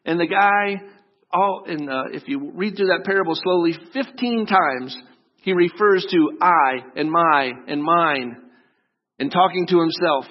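A man preaching a sermon as pastor, animated, raising his voice for quoted scripture and joking with the congregation. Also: on the high side, unhurried, in a large hall. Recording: dull lo-fi sound.

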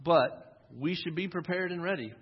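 A man from the United States giving an earnest, conversational sermon as a pastor, slipping in quick asides. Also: on the high side, slightly rough. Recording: dull sound with long hall reverb.

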